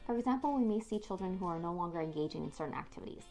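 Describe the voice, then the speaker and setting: A woman in her thirties, an expert on child development, explaining discipline clearly with the odd filler. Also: lowish voice, lively intonation, rapid-fire, a little mellow, soft background music. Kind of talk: educational talk to camera.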